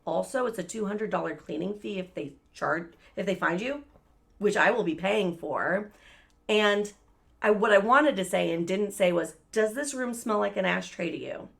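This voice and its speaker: A podcast co-host with a gravelly, medium-pitched voice speaks at normal speed as she tells a long story in casual chat. She's animated and profane, swearing a lot and acting out the voices of the people in her story.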